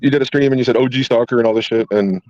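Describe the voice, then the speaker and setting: A man on a call to a stream rambles on very fast, pleading and hesitant. His voice comes through dull and lo-fi. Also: mid-range voice, mellow, no echo. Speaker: caller on a stream. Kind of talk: call-in conversation.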